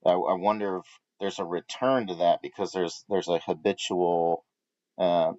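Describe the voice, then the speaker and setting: A man with a low voice shares a story during a live Bible study. He talks casually, with many restarts, and keeps circling back to his point. The sound is close and dry but muffled and dull. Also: fairly even intonation, moderate pace, a little mellow, no room sound.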